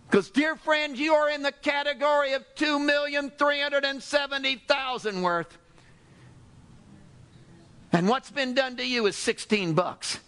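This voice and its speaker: A pastor preaches to his congregation, telling a parable with animated storytelling and acting out its characters. His voice is extremely high-pitched and clean, and he speaks slowly with long pauses.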